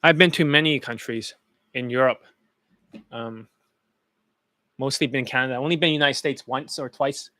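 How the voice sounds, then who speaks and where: A man's voice: medium pitch, normal speed, long pauses, sharp tone, no echo, clean studio sound. A man coaching students in dating, talking bluntly and profanely over testimonial clips in a loose, rambling way.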